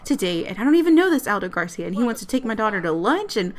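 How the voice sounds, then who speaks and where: A woman's voice: mid-range voice, big pitch swings, quick pace, lightly acted. A woman voicing a protective father in a life-sim game, huffy and mock-outraged about his daughter dating. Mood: stern. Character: protective dad sim, stern and indignant.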